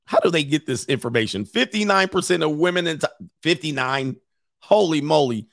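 A man with a fairly high, gravelly voice hosts a casual reaction commentary. He jokes and exclaims as he works through a list. The sound is close and dry. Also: lively intonation, fairly quick, no echo. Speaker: commentary show host.

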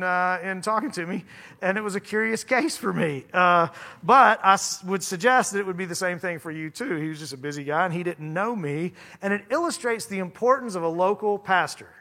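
A man in his thirties, a pastor, preaching a sermon in a church, his voice hoarse from singing and his delivery conversational with self-deprecating humor. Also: high voice, a little fast, bright, forceful tone. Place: church sanctuary.

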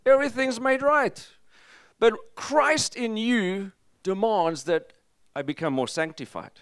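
A man preaching a sermon as pastor, energetic and emphatic, with jokes to the congregation. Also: sits high, unhurried, clear, resonant tone, no echo, clean studio sound.

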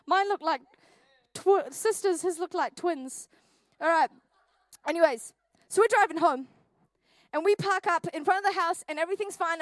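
A young woman, preaching a church sermon and telling a funny personal story with animated, jokey delivery. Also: high voice, no room sound. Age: 20s. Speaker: youth pastor. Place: church hall.

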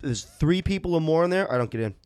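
A man co-hosting a comedy podcast, telling animated stories and acting out other people's voices. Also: fairly high pitch, fast, clean tone. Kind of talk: casual comedy chat.

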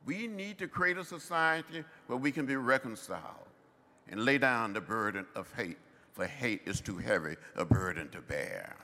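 An older man, delivering a commencement address in slow, rhythmic oratory. His bright, forceful voice rises and falls widely, and it carries a long reverb from the loudspeakers at a large outdoor ceremony. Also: mid-range voice, lively intonation. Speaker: commencement speaker.

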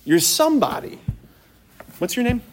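A priest giving a lively, joking talk to teenagers in a room, often stopping to ask the audience questions. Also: male voice, extremely high pitch, normal speed, a little hiss or hum. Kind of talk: interactive talk to teens. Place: room with a live youth audience.

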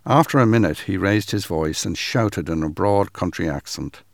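A man giving a measured, dramatic reading of a first-person account. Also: sits low, lively intonation, vocal fry, no room sound, clean studio sound.

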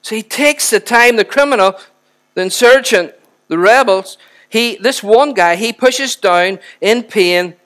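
A man preaching a sermon with impassioned, animated emphasis. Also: sits high, unhurried.

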